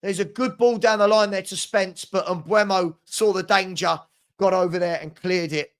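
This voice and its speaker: With a high-sitting voice, a steady tone, and a moderate pace, a male watchalong host calls the match live for fellow fans. He's openly partisan and gets fed up with his team's errors.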